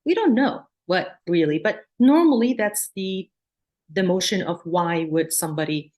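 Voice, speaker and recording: A psychologist and lecturer leads a workshop at normal speed, her fairly low voice a little mellow and lively in intonation. Born in Palestine and raised in Jordan, she teaches in an earnest, explanatory way and shows off soothing sing-song tones.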